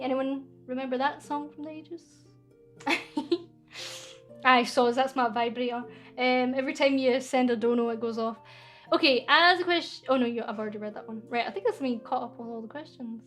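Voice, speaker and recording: High-voiced Scottish woman chatting on stream. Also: moderate pace, faint music behind. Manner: rambling, excitable, cheeky, lots of fillers. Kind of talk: casual live-stream chat reading viewer questions.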